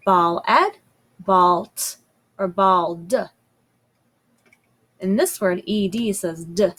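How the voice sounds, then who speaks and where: Slow, patient woman teaching phonics. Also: on the low side, rough recording. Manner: sounds out words slowly and clearly. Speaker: first grade teacher. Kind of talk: slow, patient phonics lesson for young children.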